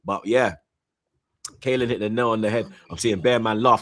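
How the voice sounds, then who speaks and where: A man with a fairly low voice talks football in a slangy, rambling way, peppering every line with shout-outs and "you get me". The sound is close and dry. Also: moderate pace, no echo. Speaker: football stream co-host. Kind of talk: casual chat, reading out super chats.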